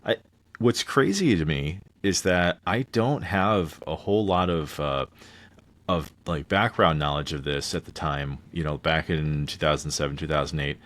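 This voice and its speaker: A man's voice: a bass voice, moderate pace, a bit bright. A man in his thirties co-hosting a podcast, chatting casually about a film and rambling with frequent restarts. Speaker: podcast co-host. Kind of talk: casual movie review chat.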